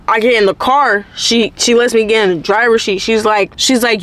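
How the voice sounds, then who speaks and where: A woman tells her viewers a story in a relaxed, unscripted monologue. Her talk is thick with slang and swearing, and she fills nearly every pause with "like" and "you feel me.". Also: on the high side. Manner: slangy, profane, constant "like" fillers. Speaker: channel host. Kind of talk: casual story-time monologue.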